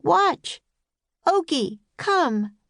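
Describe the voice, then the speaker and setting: A woman reading a storybook voices a bubbly, energetic young girl in a high, eager voice. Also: very slow, gravelly, no room sound, studio quality, full character voice.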